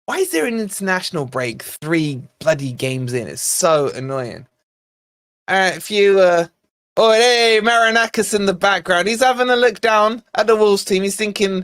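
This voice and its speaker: A man's voice: sits high, animated, normal speed, fairly bright tone, dry recording, clean studio sound. A man hosting a football watch-along stream, chatting, joking and mildly swearing to viewers. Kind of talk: casual live-stream chat and commentary.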